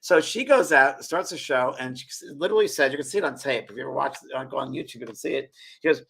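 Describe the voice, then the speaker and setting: Gravelly, animated male storyteller. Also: mid-range voice, fast. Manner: animated, acts out quoted voices, laughs often. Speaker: medium and show co-host. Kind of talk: casual storytelling chat.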